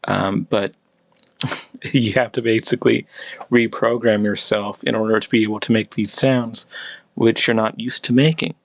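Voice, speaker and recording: Low-voiced American man, slow and hesitant, drilling vowel sounds over and over; dry, close recording. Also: steady tone, gravelly, no room sound. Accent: American English. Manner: hesitant, many restarts, repeats sounds over and over. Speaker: language hobbyist teaching pronunciation. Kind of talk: casual pronunciation practice video.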